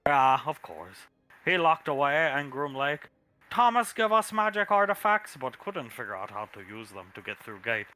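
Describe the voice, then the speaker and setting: A man's voice: fairly high pitch, very animated, moderate pace, bright, forceful tone. A man voicing a brutish, dim-witted male creature who speaks in broken grammar. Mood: gruff. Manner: caveman-style broken grammar, gruff.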